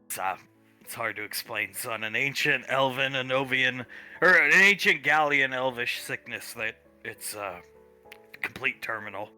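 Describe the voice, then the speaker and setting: A grim father breaks bad news in a low, hushed, mock-solemn voice. A man voices him in a tabletop game. He drops well below his own pitch and speaks quietly. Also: a little slow, soft background music. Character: gruff middle-aged father, grim and blunt.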